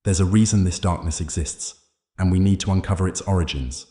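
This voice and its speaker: A man playing a resolute hero with a deep voice. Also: a little fast, mellow, roomy sound, lightly acted. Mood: steady. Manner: resolute, commanding. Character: determined young man rallying frightened townsfolk.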